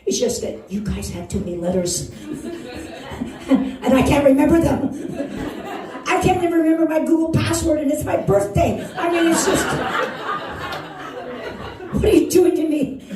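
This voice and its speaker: A woman's voice: sits high, lively intonation, normal speed, pauses often, over music. A woman in her sixties from Wisconsin performing a stand-up comedy set, self-mocking and laughing through her lines. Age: 60s. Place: bar comedy stage. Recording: roomy bar sound from far off, crowd laughter. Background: audience laughing.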